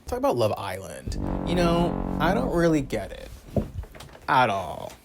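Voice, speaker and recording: A young man ranting through a casual pop-culture commentary, theatrical and profane, swinging between muttering asides and loud outbursts. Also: medium pitch, huge pitch swings, measured pace, creaky, music in the background. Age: young adult. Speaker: commentary vlogger.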